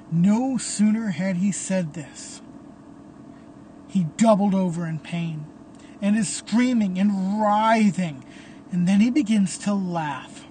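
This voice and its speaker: A man narrating a dark dramatic story in a hushed, dramatic way. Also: high voice, slow pace, slight background noise.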